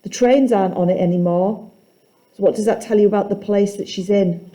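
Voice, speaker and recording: A woman teaching a poetry class, asking students questions and reading lines aloud slowly. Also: medium pitch, warm tone.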